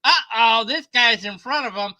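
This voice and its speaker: Guy with a super bright tense voice, sarcastic, chatty storytelling. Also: extremely high pitch, moderate pace, low-quality recording. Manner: sarcastic, mocking voices in his retelling. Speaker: commentator. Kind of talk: casual storytelling commentary.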